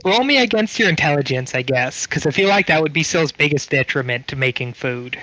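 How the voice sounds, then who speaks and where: A man's voice: fairly high pitch, animated, a little fast, pushed and bright, no echo, rough recording. Wry man running a tabletop game. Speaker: game master.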